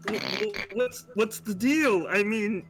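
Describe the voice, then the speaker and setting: A man's voice: high-pitched, takes it slowly, a bit bright, exaggerated voice. A man voicing a nervous, prying young male adventurer who stammers and repeats his words.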